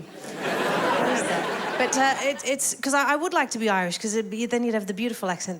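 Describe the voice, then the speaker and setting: A woman's voice: a little high, a little fast, a loud crowd. A woman with an Australian accent performing a chatty, self-mocking stand-up comedy set on stage before a live audience. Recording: live comedy club, roaring audience laughter.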